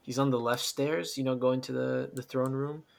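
Gravelly man chatting about a game. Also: mid-range voice, flat delivery, moderate pace. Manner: rambling, laughing storyteller. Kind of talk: casual game discussion.

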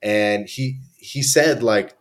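This young Canadian podcast guest talks slowly in a lowish voice while recounting his travels. The chat is casual, full of slang, easygoing, and marked by frequent restarts.

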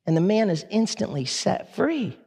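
A man preaching a sermon in a church, impassioned but conversational, with quick asides to the congregation. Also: sits high, big pitch swings, creaky, a little mellow, breathy edge. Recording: long hall reverb.

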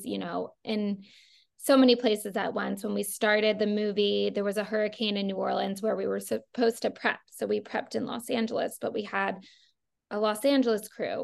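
With a gravelly, medium-pitched voice, a woman guest who designs costumes swaps stories in a relaxed interview. Her delivery is talkative and loaded with fillers, frequently "like."

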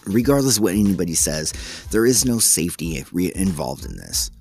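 A man hosting a solo podcast, reading news items aloud and breaking off to comment in a halting, exasperated way. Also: low voice, very animated, gravelly, darkish tone, soft background music. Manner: halting and exasperated, frequent restarts. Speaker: podcast host.

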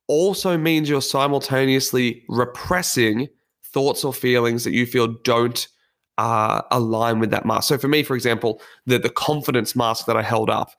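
A man delivering a personal development talk as a solo motivational monologue. He speaks earnestly and candidly, in a reflective tone. His voice sits at an ordinary middle pitch for a man. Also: a bit bright.

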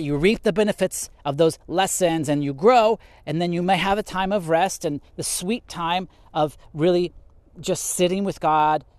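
Male podcast Bible teacher, fairly high voice, dry close sound, lively and chuckling, acts out quotes. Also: no room sound. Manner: animated, laughs often, acts out quotes. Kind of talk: casual podcast sermon.

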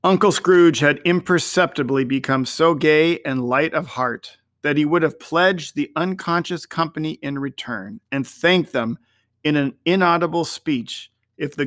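A man hosting a daily series, reading a classic story aloud in a gentle, measured way. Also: a little high, no room sound, clean studio sound. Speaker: storyteller host.

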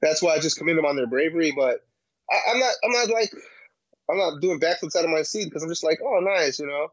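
A man talks loosely and at length, slangy and full of fillers and restarts. His voice sits a little high. The sound is dry and a touch muffled, as if through a dull mic. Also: expressive, fast, fairly bright tone, dry recording. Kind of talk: casual chat.

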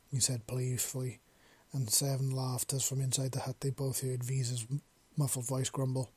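A man narrating a story in a measured, unhurried reading. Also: mid-range voice, level tone, darkish tone, husky, dry recording.

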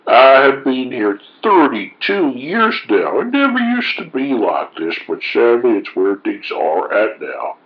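A man with a lively, swooping delivery reads forum posts aloud and interrupts them with folksy, mock-indignant asides. The recording sounds a little dull and lo-fi. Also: mid-range voice, unhurried, hardly any pauses. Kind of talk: reading posts with sarcastic commentary.

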